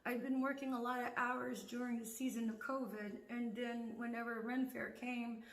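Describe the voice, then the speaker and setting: A woman's voice: fairly high pitch, level tone, normal speed, echoey room. A woman in a casual monologue, laughing often, swearing freely and dropping into whispers.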